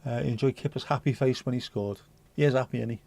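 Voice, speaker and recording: Man, livestream host, mid-pitched voice, loose banter with a cheeky edge, reads items out casually. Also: fast, gravelly, a little mellow. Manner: chatty, joking banter with mild swearing; reads news excerpts aloud conversationally. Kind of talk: casual pub-style chat.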